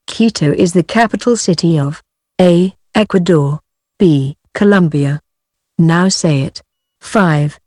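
A woman reading English coursebook audio aloud, word by word, with careful, measured enunciation. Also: fairly low pitch, mellow, dry recording, clean studio sound. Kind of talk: slow scripted textbook reading.

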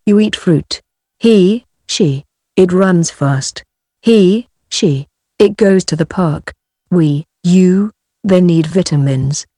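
A woman reads grammar exercises from a workbook aloud, taking each word slowly and deliberately. Her voice sits a little low and sounds mellow. The recording is dry and close. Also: no room sound. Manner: slow, careful, deliberate reading. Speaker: textbook reader.

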